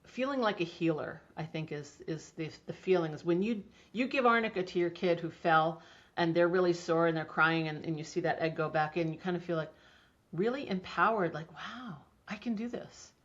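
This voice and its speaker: Eager middle-aged woman chatting away, lowish voice, kinda dull lo-fi sound. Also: fairly quick. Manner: enthusiastic, chatty, many restarts. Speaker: homeopathy guest. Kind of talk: casual interview conversation. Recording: dull lo-fi audio.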